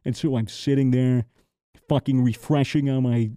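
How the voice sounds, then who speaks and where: A young man from the United States hosting a podcast, telling a story in a profane, animated way and acting out the exchanges. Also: mid-range voice, moderate pace, clean tone, no echo. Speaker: podcast host. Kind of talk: casual storytelling chat.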